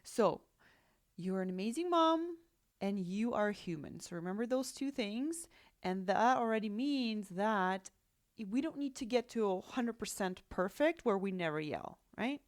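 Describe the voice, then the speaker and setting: A woman's voice: medium pitch, expressive, a little slow, no echo, studio quality. A woman with a Russian accent hosting a solo podcast as a life coach, talking in a reassuring, conversational way and often checking in with "right?" and "okay?".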